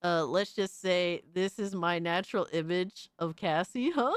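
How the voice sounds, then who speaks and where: A young woman streamer giving excitable, profane live reaction commentary, full of hype shouts and swearing. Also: lowish voice, a little slow, clear, resonant tone, no room sound, clean studio sound. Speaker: streamer host.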